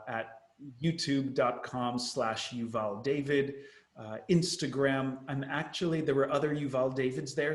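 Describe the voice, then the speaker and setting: An eager man speaks at a middle pitch as an interview guest, often restarting and repeating his words. His voice carries a noticeable roomy echo. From United States. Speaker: actor guest. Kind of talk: interview chat.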